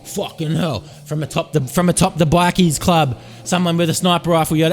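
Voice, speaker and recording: Rambling podcast host. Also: male voice, a little high, fairly even intonation, fairly quick, few pauses, soft background music. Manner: rambling, profane, hyped-up. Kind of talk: comedic storytelling monologue. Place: Sydney.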